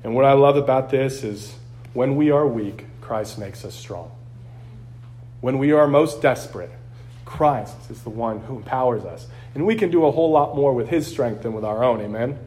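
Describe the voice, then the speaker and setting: A man's voice: mid-range voice, animated, moderate pace, mellow. A man preaching a sermon as pastor, earnest and conversational, acting out quotes along the way.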